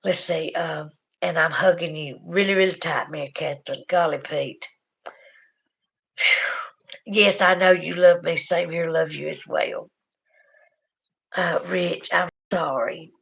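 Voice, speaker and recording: Gravelly-voiced Southern woman chatting on a livestream. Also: deep voice, steady tone, slow pace, long pauses, fairly bright tone, low-quality recording. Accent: Alabama Southern. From Southern United States. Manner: chatty, affectionate, drawling Southern talk with folksy phrases. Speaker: livestream host. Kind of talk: casual livestream chat reading viewer comments.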